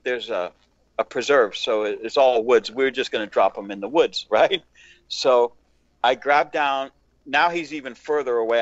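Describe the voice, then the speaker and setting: A man's voice: mid-range voice, no room sound. Male podcast host, rowdy cursing storyteller, dry muffled recording. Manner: profane, animated storyteller, acts out quotes. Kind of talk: casual chat, storytelling. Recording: dull lo-fi dry sound.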